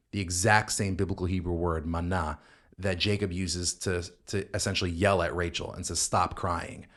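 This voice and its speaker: A man with a fairly low voice leads a podcast Bible study as a rabbi. He walks through verses step by step and quotes Hebrew lines. His speech is full of restarts and asides. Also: a bit bright. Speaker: rabbi co-host explaining scripture.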